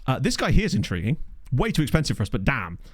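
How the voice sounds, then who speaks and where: A man's voice: medium pitch, wildly swooping pitch, fast, dry recording, studio quality. A man casually commentating his own game session, chatty and thinking aloud, with jokey asides, on a desk microphone at home. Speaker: gaming YouTuber. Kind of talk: casual let's play commentary.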